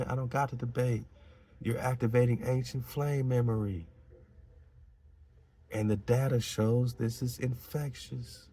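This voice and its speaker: A man's voice: medium pitch, dark tone, slightly rough. A man hosting a talk show, reading aloud and commenting in a preachy, emphatic way with slangy asides. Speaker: podcast host.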